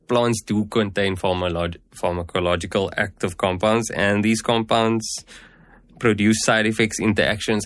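A man answering interview questions as a herbal medicine practitioner, measured and explanatory, often starting with "um" or "so". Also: lowish voice, fairly bright tone. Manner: measured, explanatory, many "at the end of the day".

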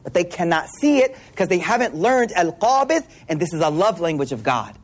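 Husky, high, animated male teacher. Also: a little fast. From Buffalo, New York, US. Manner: animated storyteller mixing street slang and Arabic terms. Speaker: Islamic teacher. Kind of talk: casual religious lesson.

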